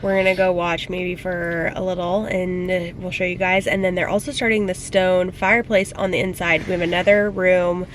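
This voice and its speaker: A woman's voice: on the low side, flat delivery, moderate pace, hardly any pauses, a little hiss or hum. A woman hosting a casual home vlog, laughing often and teasing, with a congested voice. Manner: giggly, playful, teasing. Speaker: vlog host.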